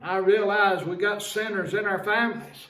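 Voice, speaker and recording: A man's voice: high-pitched, moderate pace, sharp tone. A man preaching a fervent sermon as pastor, quoting scripture figures with folksy asides. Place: church sanctuary. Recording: echoey church hall, distant mic.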